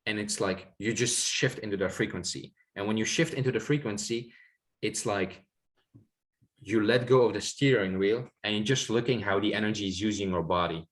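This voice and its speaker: A man's voice: on the low side, normal speed. A man in casual conversation recounting a spiritual experience, reflective and rambling, full of fillers and repeated words. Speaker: guest sharing spiritual experiences.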